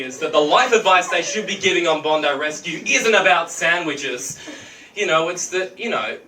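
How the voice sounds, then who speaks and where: A man with an Australian accent working through a stand-up set, his voice swinging up and down and pitched a little high for a man. He tells stories with animated energy and slips into quick character voices. He is picked up from a distance in a roomy venue, with loud audience laughter around him. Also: noisy background. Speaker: stand-up comedian. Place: comedy venue with a live audience.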